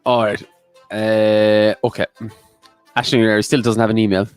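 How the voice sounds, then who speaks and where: A man's voice: on the low side, level tone, normal speed, clear, resonant tone, soft background music. A man co-hosting an online quiz, teasing and playful in casual chat. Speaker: quiz co-host.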